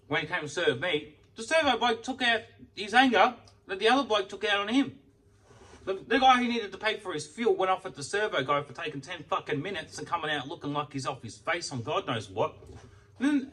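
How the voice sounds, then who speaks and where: A young man telling an animated, foul-mouthed story as a casual vlog while he eats. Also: sits high, recorded from a distance. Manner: heavy swearing, animated storytelling. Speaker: food vlogger. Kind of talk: casual ranting while eating. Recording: voice off from the mic.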